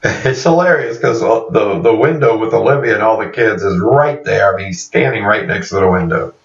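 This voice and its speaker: A man's voice: lowish voice, moderate pace. A man casually recapping a TV series scene by scene, chuckling as he acts out the characters' lines. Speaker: TV series reviewer. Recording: roomy, distant, dull recording.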